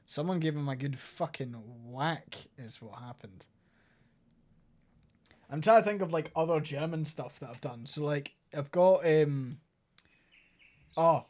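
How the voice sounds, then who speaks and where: A man's voice: fairly high pitch, a little slow, pauses often, darkish tone. A man with a Scottish accent, chatting casually and rambling while streaming a game, swearing now and then. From Scotland. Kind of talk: casual game let's play commentary.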